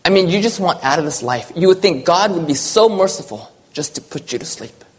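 A man's voice: fairly high pitch, animated, a little fast. A man preaching a sermon, earnest and personal, often checking in with his listeners by asking "okay?".

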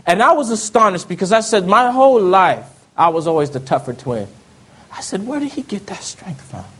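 A man telling a personal testimony in an earnest storytelling way, often dropping to soft low tones. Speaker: speaker giving testimony.

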